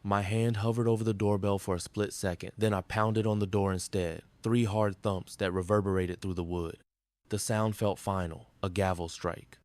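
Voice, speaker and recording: Low male narrator, grim and measured, dry close recording. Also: fairly even intonation, a little mellow, dry recording. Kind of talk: scripted story narration.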